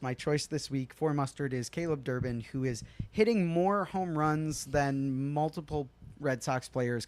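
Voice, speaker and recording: A playful man co-hosting a loose sports podcast, ribbing his partner and hyping up segments. His voice sits a little high. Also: a little mellow, smooth, no room sound. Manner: joking, playful, hypes up segments. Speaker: podcast co-host. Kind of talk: casual sports podcast banter.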